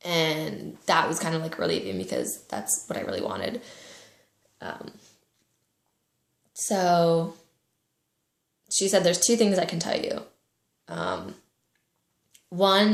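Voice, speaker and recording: Young woman telling her story, soft and halting, low gravelly voice, echoey room. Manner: emotional, halting, soft-spoken. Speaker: vlogger. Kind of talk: personal storytelling.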